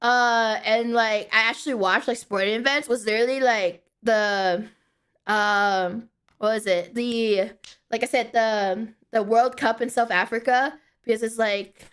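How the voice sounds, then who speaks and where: A woman's voice: fairly high pitch, fairly even intonation, a little slow, a bit bright, smooth. A young woman streaming from home, chatting casually and rambling, with playful chanting and casual swearing. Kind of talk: casual late-night stream chat.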